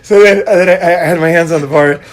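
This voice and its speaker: A middle-aged man with a somewhat high speaking voice, telling stories in casual conversation. He is animated, laughs often and drops the odd curse word. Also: fast talker. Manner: animated, laughing storyteller who swears casually. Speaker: podcast host.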